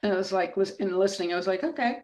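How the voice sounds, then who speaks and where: A woman hosting a coaching group on a video call, effusive and quick to laugh. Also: mid-range voice, completely flat delivery. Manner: warm, effusive, laughs often.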